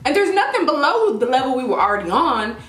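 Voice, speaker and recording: A young woman vlogger telling a story in a casual, dramatic, animated way. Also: high voice, quick pace. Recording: echoey room with faint music.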